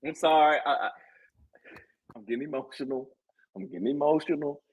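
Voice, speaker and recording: A man's voice: on the high side, fairly quick, creaky, breathy edge, poor audio. A man talking football on a casual sports podcast as a guest co-host. He talks with passion and repeats himself to drive a point home. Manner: impassioned, animated, repeats himself for emphasis.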